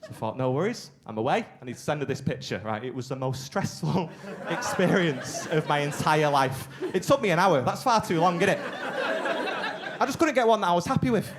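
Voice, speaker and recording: A man's voice: fairly high pitch, animated, a little fast, crowd noise. A young man doing a stand-up comedy set in a theatre, acting out both sides of conversations. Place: theatre stage with live audience. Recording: live theatre recording with audible background noise.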